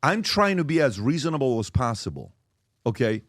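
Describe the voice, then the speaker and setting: A man's voice: mid-range voice, sing-song, brisk, no echo, studio quality. A man hosting a podcast panel discussion, earnest and questioning, thinking aloud. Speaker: podcast host.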